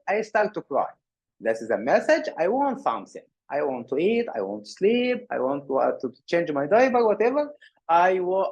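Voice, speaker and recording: A man giving a workshop lecture on physical therapy, animated, often repeating words and restarting. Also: mid-range voice, slightly rough. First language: Arabic.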